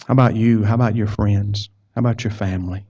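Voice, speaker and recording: A man's voice: lowish voice, fairly even intonation, fast, mellow, slightly rough. A man preaching a sermon, telling a personal story in a folksy way and repeating words as he goes. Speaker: pastor. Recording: dull lo-fi sound.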